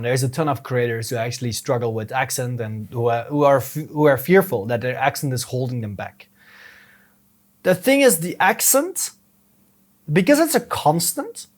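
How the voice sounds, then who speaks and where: A young man with a non-native English accent, a podcast guest giving casual advice, earnest and explaining step by step with many restarts. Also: on the high side. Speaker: podcast guest, YouTube strategist.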